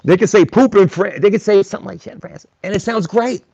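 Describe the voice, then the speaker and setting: A man's voice: high voice, fast talker, creaky, dark tone, slightly rough, no echo, muffled recording. A man hosting a live stream, talking bluntly and combatively while reading and answering chat comments. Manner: blunt, combative, mocks chatters by name. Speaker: livestream host.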